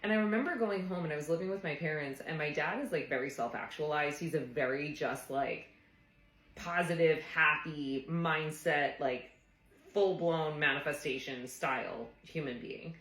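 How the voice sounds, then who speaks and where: A woman's voice: sits low, normal speed, fairly bright tone, reverberant, faint music behind, poor audio. A woman therapist telling a personal story in a casual, earnest, reflective way, often saying "like". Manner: earnest, reflective, frequent "like" fillers.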